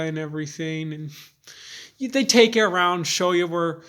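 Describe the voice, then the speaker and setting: Halting, rambling young man, slightly high voice. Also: a bit bright, smooth. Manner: rambling and halting, full of fillers and restarts; earnest and candid. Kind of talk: personal vlog monologue.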